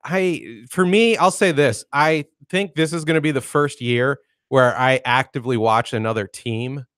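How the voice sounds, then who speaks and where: A man's voice: mid-range voice, normal speed, a bit bright, no room sound, clean studio sound. A man co-hosting a podcast, telling casual stories about his locksmith work and laughing as he talks. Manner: chatty storyteller, laughs while telling anecdotes. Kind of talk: casual chat.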